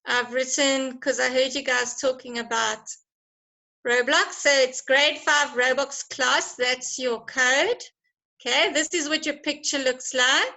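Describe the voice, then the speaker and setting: Bright, high-voiced encouraging woman teacher. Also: steady tone, a little slow, vocal fry, poor audio. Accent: South African. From South Africa. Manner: encouraging, chatty, laughs often. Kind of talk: online class lesson.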